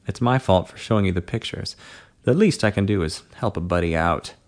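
A man voicing a soft-spoken adult man who talks in a low, hushed, persuasive way. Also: lively intonation, brisk. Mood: hushed, coaxing.

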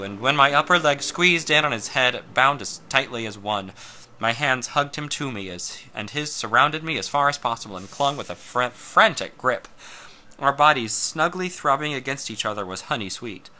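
Bright-voiced man reading a story. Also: medium pitch. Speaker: narrator. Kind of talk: first-person story reading.

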